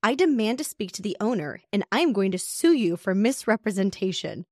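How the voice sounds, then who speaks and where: A woman's voice: mid-range voice, lively intonation, normal speed, no echo, clean studio sound, close to an everyday voice. A woman voicing an angry, demanding female renter in her forties, reading her lines out with indignant emphasis.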